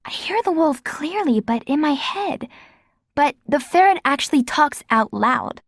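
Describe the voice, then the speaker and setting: An earnest young girl who loves animals, as a woman narrator puts her on, with a high, eager voice and quick questions. The storybook reading is dry and close, with no room sound. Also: lively intonation, dry recording. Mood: puzzled. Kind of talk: audiobook character voice.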